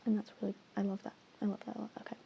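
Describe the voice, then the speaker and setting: Casual whispered role-play from a teasing woman, low fry, kinda muffled recording. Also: monotone, rapid-fire, slight background noise. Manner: playful, teasing, mock-stern. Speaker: ASMR creator.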